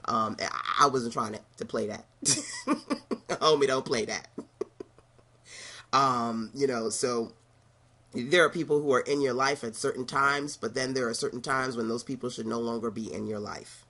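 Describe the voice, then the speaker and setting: Husky, emphatic Brooklyn woman. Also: a bass voice, fairly even intonation, moderate pace, pushed and bright. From Brooklyn, New York. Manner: emphatic, repetitive, laughing asides. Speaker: online business coach. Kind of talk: motivational monologue.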